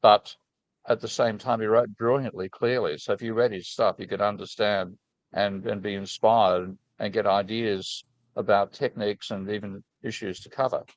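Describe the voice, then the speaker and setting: A man with a low voice, chatting casually as host and wandering through stories with plenty of false starts. He sounds frank and enthusiastic, recorded close and dry. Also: steady tone, moderate pace, no room sound, poor audio. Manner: rambling, restarting anecdotes. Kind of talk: casual conversation.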